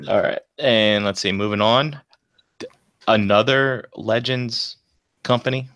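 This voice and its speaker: A man's voice: medium pitch, steady tone, a little slow, fairly bright tone, dry recording. A man co-hosting a casual toy podcast, laid-back and steering the talk from one item to the next. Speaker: podcast co-host presenting toy news. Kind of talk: casual group chat.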